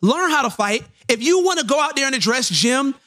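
Casting: man, high voice, quick, slangy storyteller on a podcast, dry close sound. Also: dry recording. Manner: animated, slangy storytelling with restarts. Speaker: podcast co-host. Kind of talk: casual chat.

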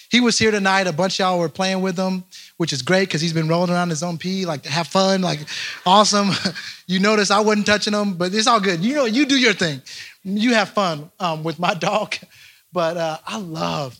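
A young man giving an animated, joking storytelling talk to a young crowd, addressing them directly. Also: high-pitched. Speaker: youth speaker.

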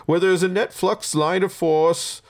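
A man reading aloud as a pompous old-timey male lecturer, slow and stately. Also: sits high, fairly even intonation, voice pushed up, close to an everyday voice. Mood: grand.

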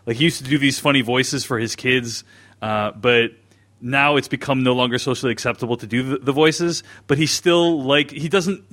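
A man co-hosting a casual podcast discussion, with a voice of ordinary middle pitch. He works through his ideas slowly and thoughtfully, often stopping and restarting his sentences. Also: fairly bright tone. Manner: thoughtful, hesitant with many restarts. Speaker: podcast co-host.

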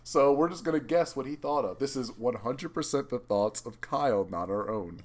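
Young man with a lively, deadpan delivery. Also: mid-range voice, normal speed, a little hiss or hum. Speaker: podcast co-host. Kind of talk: casual comedic chat.

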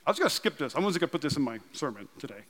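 A man in his thirties from North Dakota, preaching a sermon with animated storytelling and self-deprecating humor. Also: on the high side, rapid-fire. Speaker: pastor. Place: large church auditorium. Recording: long hall reverb.

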